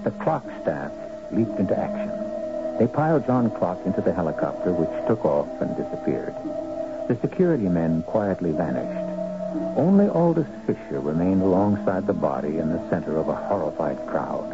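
A man narrating a 1970s radio mystery in a dramatic, measured way. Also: sits low, very animated, over music. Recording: dull old radio broadcast.

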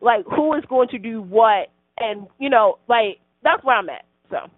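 A woman's voice: fairly high pitch, lively intonation, measured pace, no room sound. A woman in a casual soap opera chat, talking in an earnest, rambling way. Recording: tinny phone-like line, dry.

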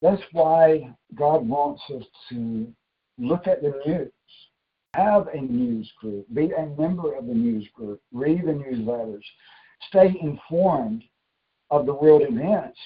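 A man preaching and giving church announcements in a slow, emphatic way, repeating his instructions. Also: a little high. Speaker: pastor. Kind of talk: sermon with announcements. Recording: dull lo-fi recording.

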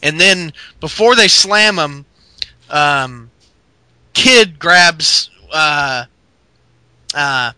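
A man's voice: fairly high pitch, lively intonation, drawn-out words, pauses often, sharp tone, clean tone, no echo. A man co-hosting a podcast, rambling through a wrestling recap with fillers, laughs and swearing. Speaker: podcast co-host. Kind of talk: casual wrestling recap chat.

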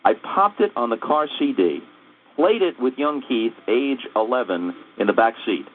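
A man's voice: mid-range voice, lively intonation, normal speed, slight background noise. Grandiloquent man on a tinny phone line. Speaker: caller.

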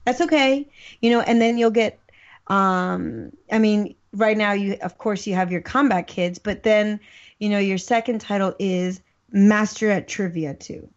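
A woman's voice: mid-range voice, a little slow. Chatty woman co-host, muffled lo-fi sound. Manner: chatty, teasing, laughs easily. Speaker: podcast co-host. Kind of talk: casual banter. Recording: dull lo-fi podcast audio.

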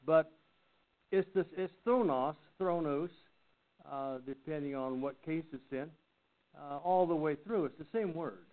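An older man teaching a Bible study lesson, speaking haltingly and often clearing his throat. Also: on the high side. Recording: tinny phone-like sound.

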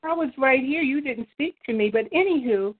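Higher-voiced lady on a tinny phone line, rambling preachy caller. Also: animated, normal speed, breathy edge. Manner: preachy, rambling, quotes scripture. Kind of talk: phone-in call.

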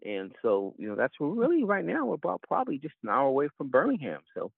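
A man's voice: fairly high pitch, wildly swooping pitch, fast, gravelly, slightly rough, no room sound. A man co-hosting from a small Southern town, chatting casually and rambling with fillers. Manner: warm rambling praise, many fillers. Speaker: co-host. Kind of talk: casual interview chat. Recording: tinny phone line.

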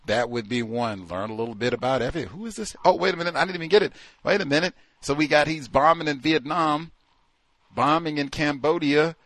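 A man's voice: a little high, a little fast, a bit bright, no echo. A man hosting a call-in show, talking casually and animatedly, acting out the voices of people he quotes. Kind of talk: casual radio talk.

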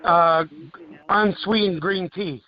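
A man co-hosting a radio talk show and chatting casually, unhurried and chuckling as he banters. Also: sits high, fairly even intonation, slight background noise. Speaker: co-host. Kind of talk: casual chat. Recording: dull lo-fi audio.

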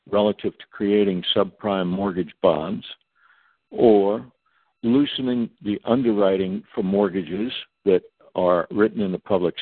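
A man's voice: deep voice, no echo. A man speaking as a guest on a talk radio show, in a long emphatic monologue, spelling out acronyms letter by letter. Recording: tinny phone line.

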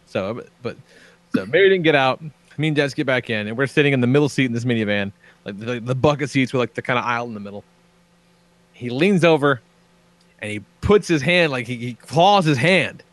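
Podcast host, male, excitable and profane raconteur, very dry close mic. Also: medium pitch, fairly quick, no room sound. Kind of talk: casual chat.

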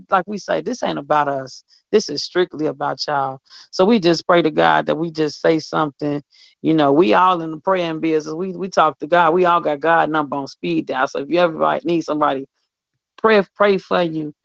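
A woman's voice: sits low, gravelly, no room sound. A woman co-hosting a radio show, talking in a fervent, preachy way and repeating herself for emphasis. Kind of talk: casual on-air chat. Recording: dull lo-fi audio.

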